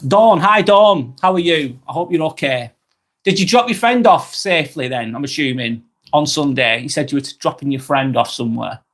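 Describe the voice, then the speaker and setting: A man hosting a slow, rambling live-stream vlog, reading out viewer comments with many fillers and apologies, a little under the weather. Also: fairly high pitch, fairly bright tone. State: slightly under the weather, occasional cough.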